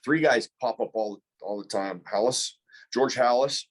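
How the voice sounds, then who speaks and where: A man's voice: medium pitch, a little slow. A man in his fifties, a former pro football player, telling an earnest, reflective story as a podcast guest, often restarting his sentences.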